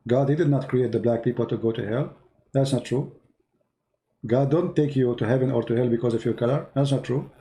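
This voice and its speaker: A man hosts a live call-in debate with a gravelly, creaky voice. His tone is dark and mellow rather than bright. He presses his points insistently, repeating them for weight. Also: medium pitch, brisk. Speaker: host of a call-in debate show.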